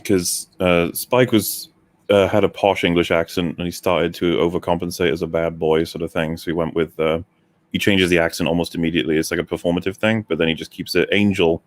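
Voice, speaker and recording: A man's voice: low voice, level tone, brisk. A man from Wales explaining fan lore in a casual podcast chat, swearing at times.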